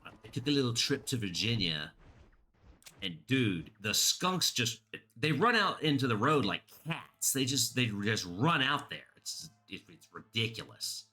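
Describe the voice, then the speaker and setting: A man's voice: medium pitch, very animated, unhurried, bright, forceful tone. A man streaming a game, rambling casually and chatting with his viewers. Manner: rambling, chatty, reads chat aloud. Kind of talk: casual gameplay commentary.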